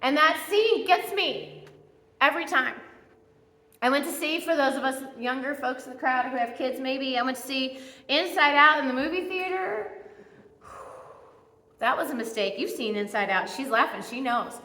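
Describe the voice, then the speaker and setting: A woman preaches in a church with a high, bright voice, telling personal stories in a chatty, self-mocking way. Her words ring out into a long, echoing hall reverb. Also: normal speed, long pauses. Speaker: guest speaker at church. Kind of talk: sermon with personal storytelling. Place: church sanctuary.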